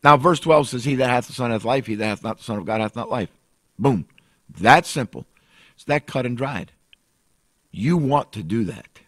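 A man preaching a radio sermon as pastor, emphatic and repetitive, swinging between loud and soft. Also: medium pitch, husky, no room sound.

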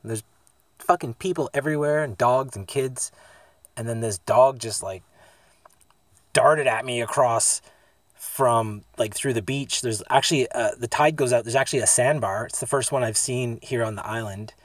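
A laid-back man from the East Coast rambles through a story with plenty of swearing. He talks at an ordinary middle pitch. He records on his phone inside a parked camper van, and the sound is close and dry. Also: moderate pace, dry recording. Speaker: van-life vlogger. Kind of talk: casual vlog storytelling.

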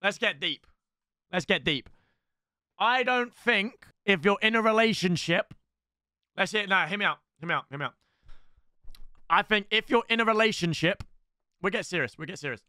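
Excitable young man, high bright voice. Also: moderate pace, long pauses, no room sound, studio quality. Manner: excitable, bursts into shouting. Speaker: streamer reacting to clips. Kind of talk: casual reaction commentary.

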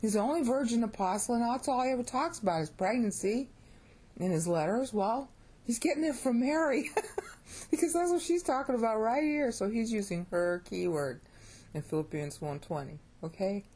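In a relaxed video lesson, a middle-aged American woman teaches Bible Greek at a normal speed, her voice carrying a breathy edge. She's chatty and lively, her pitch leaping when she gets excited, and she often checks in with listeners while joking about her own pronunciation.

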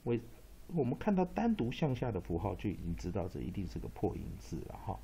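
Male phonics teacher; dark, mellow tone, repeats each word with emphasis. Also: fairly low pitch, huge pitch swings, gravelly, slight background noise. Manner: repeats words slowly and emphatically, switching between Mandarin and English. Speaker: English pronunciation teacher. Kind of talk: pronunciation lesson, drilling syllables.

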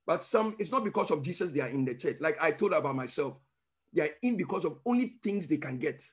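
A man's voice: fairly high pitch, very animated, fast, slightly rough. A male pastor teaching a sermon emphatically, using call-and-response questions and breaking into tongues.

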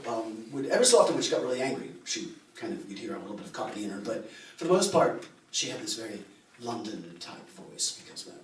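A man's voice: medium pitch, recorded from a distance, a little hiss or hum. Rambling male folk musician on stage. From United States. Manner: rambling and anecdotal, restarting phrases. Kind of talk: on-stage storytelling between songs. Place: live concert venue. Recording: roomy live recording from afar.

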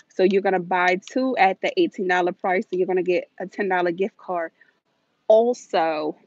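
A woman hosting a live shopping stream inside a large store, filming on a handheld phone and talking fast and chatty to her viewers while a little out of breath. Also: mid-range voice, no echo. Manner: chatty, hurried, addresses viewers directly. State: slightly out of breath. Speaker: deal-hunting vlog host. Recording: dull phone audio.

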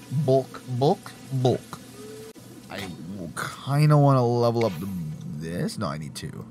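Excitable young man commenting on gameplay. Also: mid-range voice. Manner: excitable and profane, laughs and exclaims often. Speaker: gaming channel host. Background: game music.

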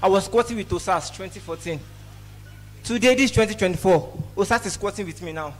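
A man with a Nigerian accent doing a lively stand-up set at an event, teasing the crowd and slipping into pidgin. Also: high voice, brisk, soft background music. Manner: lively, mixes pidgin, teases audience. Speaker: stand-up comedian. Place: event hall.

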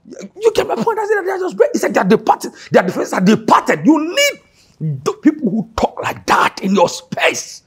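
A pastor preaching a sermon, dropping to low murmurs and then rising to shouted exhortation. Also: male voice, breathy edge.

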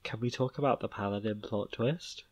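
A man's voice: lowish voice, normal speed. Rambling man chatting casually. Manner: rambling, filler-heavy, swears casually. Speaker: podcast co-host. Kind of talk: casual book chat.

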